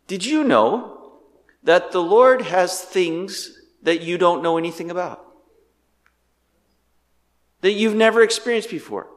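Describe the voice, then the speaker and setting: A male pastor preaching a sermon with animated delivery, firing off rhetorical questions and swinging between loud and hushed. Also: sits high, measured pace, long pauses, long reverb tail.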